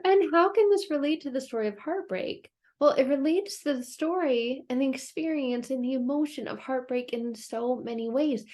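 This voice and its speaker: Playful woman with a high voice. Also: normal speed, few pauses. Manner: playful, animated storytelling, laughs often. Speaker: self-help video host. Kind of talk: casual advice talk to camera.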